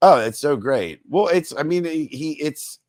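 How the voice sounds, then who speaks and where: A man's voice: a little high, animated, unhurried, a little mellow, no echo. A man hosting a podcast, rambling with enthusiasm, full of "dude" and "like" and casual swearing. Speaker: podcast host.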